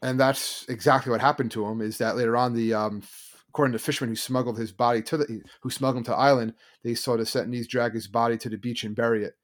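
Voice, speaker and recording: Man, podcast co-host, casual chat, fast talker, loose storytelling, lots of fillers. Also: mid-range voice, steady tone.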